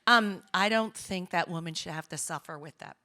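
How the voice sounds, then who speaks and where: Female audience member with a low-pitched, sharp voice. Hesitant, searches for words. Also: moderate pace. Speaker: audience member asking a question. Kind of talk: audience question at a talk.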